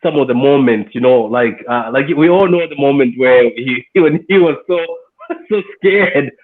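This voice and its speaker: A man guesting on a casual film review chat, speaking emphatically and getting excitable, with a husky voice. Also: medium pitch, normal speed. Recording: tinny phone-like line.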